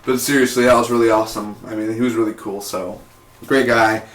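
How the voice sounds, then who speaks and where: A young man casually reviewing a TV episode, rambling and excitable, with lots of "like" and "man". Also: lowish voice, brisk. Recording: echoey room.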